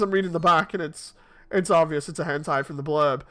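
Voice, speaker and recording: A man's voice: high-pitched, fairly even intonation, fast talker, pushed and bright. A man in his thirties, chatting casually and telling rambling stories while streaming a game. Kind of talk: casual chat while playing.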